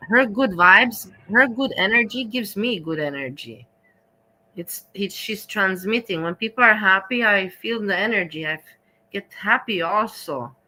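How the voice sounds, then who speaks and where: A woman hosting a livestream, reacting in casual chat, blunt and chatty with frequent swearing and halting restarts. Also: medium pitch, animated, pushed and bright, rough recording. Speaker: livestream host.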